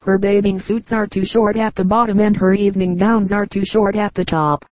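A woman voicing a prim, disapproving young woman who gossips about a neighbor, read in a dark, dry audiobook voice. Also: mid-range voice, fairly even intonation, normal speed, dry recording, natural voice, rough recording. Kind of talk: audiobook character reading.

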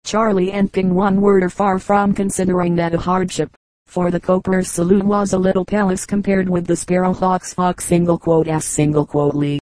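Low-voiced woman reading an audiobook. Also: level tone, normal speed, darkish tone, no echo, poor audio. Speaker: audiobook narrator. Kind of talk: scripted audiobook narration.

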